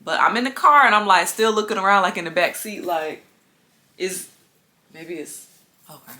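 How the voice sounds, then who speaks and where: A woman's voice: mid-range voice, expressive, normal speed, sharp tone. A woman telling a personal story to her viewers in a casual storytime vlog, chatty and talking to them directly. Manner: chatty, addresses viewers as y'all. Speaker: lifestyle vlogger.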